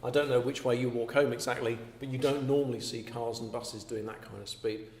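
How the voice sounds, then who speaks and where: A man's voice: mid-range voice, steady tone, fairly quick, darkish tone. A man teaching an astronomy class, explaining step by step and often checking with "okay?". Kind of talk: classroom lecture. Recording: echoey classroom with faint hum.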